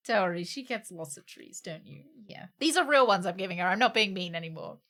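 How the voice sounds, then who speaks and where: A woman's voice: lowish voice, animated, a little fast, fairly bright tone. A woman streaming live, chatting casually, cooing at her dog in baby talk and giggling as she thanks her viewers.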